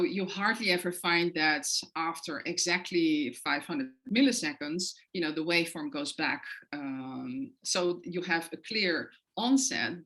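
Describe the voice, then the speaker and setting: A guest lecturer with a non-native English accent explains her research in an academic lecture, her speech full of hesitant fillers. Her voice sits low with a fairly bright tone, and the recording is rough.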